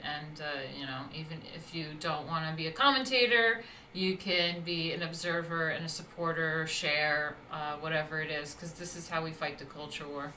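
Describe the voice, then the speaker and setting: A woman from New York hosting a casual online interview, animated and quick to laugh. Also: low-pitched. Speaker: host. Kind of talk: casual chat. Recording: echoey room, faint background hum.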